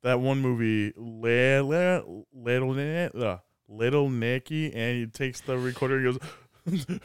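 A man's voice: medium pitch, a little slow, clean tone, no echo, studio quality. A man co-hosting a podcast, laughing often and tripping over his words. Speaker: podcast co-host. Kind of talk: crude casual banter.

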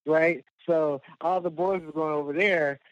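A man's voice: a little high, steady tone, a little slow, no echo. A man telling a long, rambling personal story as a guest, full of fillers and laughing at himself. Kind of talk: casual storytelling. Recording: dull lo-fi dry sound.

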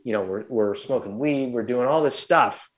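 A man's voice: medium pitch, moderate pace. A man from St. Louis hosting a podcast, telling a story casually and acting out the quotes with plenty of swearing. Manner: animated, swears freely, acts out quotes. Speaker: podcast host.

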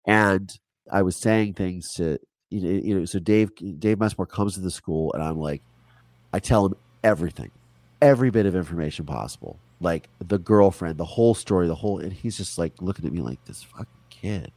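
A man in his forties, an interview guest, telling a personal story in a casual, animated way, acting out other people's lines. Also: low voice, fairly quick, no echo. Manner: animated, quotes people in put-on voices, swears.

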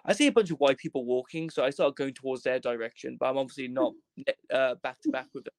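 A young man from Wales telling a comedic travel story as a podcast guest, animated, in quick bursts, swearing and acting out voices. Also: mid-range voice, no room sound. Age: young adult.

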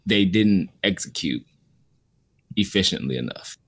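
A man with a fairly low voice talks through an anime series in a loose, rambling way. He leans on filler words as he works out his opinions in casual podcast chat. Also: a little slow, husky. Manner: relaxed, rambling, frequent "like" fillers. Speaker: co-host reviewing an anime series.

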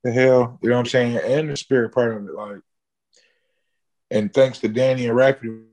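A man in an interview, casually telling a long story, swearing freely and jumping high in pitch when he acts out what people said. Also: steady tone, normal speed, darkish tone. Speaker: interview guest, musician.

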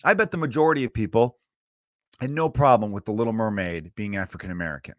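A man's voice: fairly low pitch, fast talker, no echo, studio quality. Profane, preachy man ranting on his podcast. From Chicago area. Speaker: podcast host. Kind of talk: solo podcast rant.

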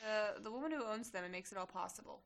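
A woman's voice: medium pitch, fast talker. A young woman co-hosting a podcast in casual chat, rambling with lots of fillers and the odd swear. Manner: chatty, lots of fillers and profanity. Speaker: podcast co-host.

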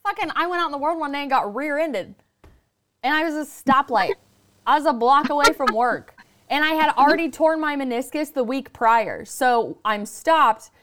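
A woman hosting a podcast who tells stories in a casual, profane, lively way. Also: high-pitched, normal speed. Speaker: podcast host.

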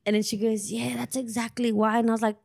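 A woman co-hosting, telling a story in relaxed casual chat. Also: a little high, quick pace, gravelly. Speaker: guest host.

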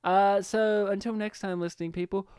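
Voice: mid-range voice, fairly even intonation, normal speed, darkish tone, clear, resonant tone, no echo, clean studio sound. Rambling, jokey podcast co-host. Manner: rambling, absurd jokey tangents. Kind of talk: casual comedic chat.

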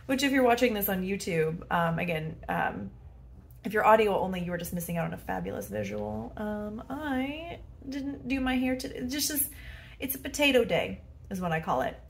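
A woman's voice: medium pitch, very animated, moderate pace, creaky, slight background noise. A woman hosting a solo podcast from her bedroom as a head coach, chatty and self-deprecating, with many fillers. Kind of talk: casual solo podcast monologue.

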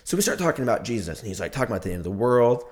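A man's voice: on the low side, sing-song, rapid-fire, darkish tone. A young man telling a rambling, profane story in a casual monologue, laughing often as he goes.

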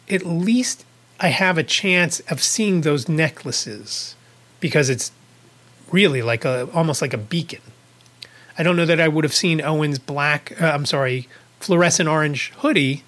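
A man's voice: fairly high pitch, a bit bright. A man hosting a podcast, telling a rambling first-person story in a casual way, with a chuckle here and there. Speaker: podcast host.

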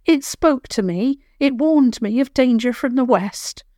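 A woman's voice: sits high, lively intonation, a little slow, mellow, no echo, clean studio sound, pitched above the performer's own voice. A woman voicing a frightened, plain-spoken young girl in a children's story. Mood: blunt.

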